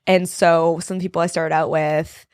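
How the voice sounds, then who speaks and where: A young adult woman from the Boston area, a stand-up comedian guest on a podcast, chatting agreeably with quick asides. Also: low voice, level tone, darkish tone, clear, resonant tone, no room sound, clean studio sound. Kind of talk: casual chat.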